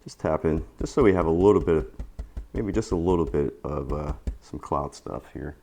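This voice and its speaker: In a bass, creaky voice at a moderate pace, a weary man leads a relaxed oil painting tutorial. He keeps repeating easygoing, encouraging remarks.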